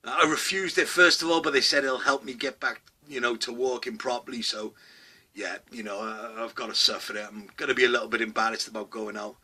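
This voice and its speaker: A middle-aged man hosting a comedy vlog, ranting loudly, swearing a lot and tagging his lines with "okay?". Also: medium pitch, steady tone, a little fast, husky. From Wales. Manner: loud, sweary, rambling, with constant "okay?" asides. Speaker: vlog host. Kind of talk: satirical comedy rant.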